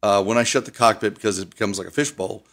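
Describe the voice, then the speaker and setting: An older man from Ohio with an Ohio accent, a pilot guest on a radio interview, chatty and animated as he tells stories. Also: lowish voice, quick pace. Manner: chatty storyteller, animated, fond of doing accents. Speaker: air show pilot.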